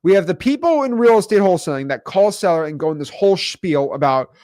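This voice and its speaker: Lively man coaching on camera. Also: high voice, fairly quick, few pauses, no room sound, clean studio sound. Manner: animated, tag questions like okay and right. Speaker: real estate wholesaling coach. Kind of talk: casual teaching to camera.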